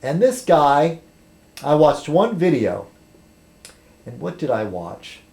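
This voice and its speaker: A man's voice: a little high, big pitch swings, slow pace, gravelly, warm tone. A man rambling casually on a webcam vlog, chatty and full of ums and restarts. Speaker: video blogger.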